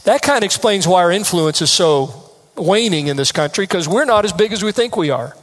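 A man's voice: high voice, animated, a little fast, a bit bright. A man preaching a sermon from the United States, earnest and emphatic, stressing key phrases through repetition. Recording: long hall reverb.

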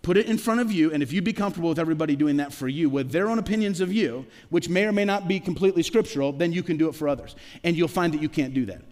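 A middle-aged man preaching a sermon as pastor, talking conversationally with rhetorical questions and quick stammered restarts. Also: a little high, darkish tone. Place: church sanctuary. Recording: long reverb of a large hall.

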